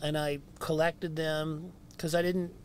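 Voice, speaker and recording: A man from Canada with a high, raspy speaking voice, telling stories in casual chat and swearing freely. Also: level tone, takes it slowly. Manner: swears freely, jumps into voices mid-story. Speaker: podcast guest. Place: inside a van. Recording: faint noise in a vehicle.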